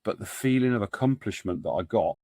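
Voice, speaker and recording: With a fairly low, slightly mellow voice and lively intonation, a middle-aged podcast guest talks briskly through his stories. He founded a men's support group, and his casual storytelling rambles with fillers and restarts. Audio is dry and studio quality.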